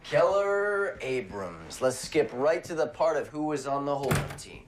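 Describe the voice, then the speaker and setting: An actor playing a dry, sarcastic police detective leaning on an informant. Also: male voice, mid-range voice, expressive, a little slow, background noise, close to an everyday voice. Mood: sardonic.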